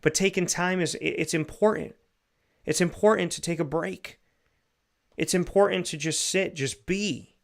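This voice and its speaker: A male show host giving an earnest, repetitive spoken reflection on faith, building to animated bursts. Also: high-pitched, normal speed, vocal fry.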